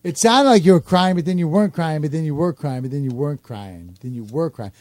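A man's voice: on the high side, animated, a little fast, a little mellow, a little hiss or hum. A man co-hosting a podcast, teasing and mocking the guest. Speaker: podcast co-host. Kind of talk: casual chat.

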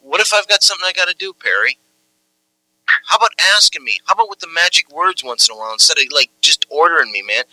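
A man's voice: a little high, animated, fast, sharp tone, dry recording, poor audio. A man in an improvised comic argument, coaxing and lecturing another man.

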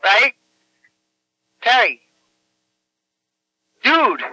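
A man's voice: very high voice, big pitch swings, extremely slow, bright, forceful tone, dry recording. A man on a phone call in a comic bit, cheerful, friendly and evasive.

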